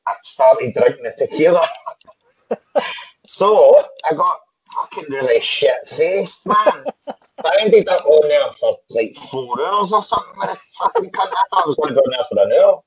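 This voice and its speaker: Picture a Scottish man at mid pitch, chatting loosely as a podcast guest. He tells his stories with a laugh and a steady stream of swearing. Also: moderate pace, husky, rough recording. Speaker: actor guest. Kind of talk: casual chat.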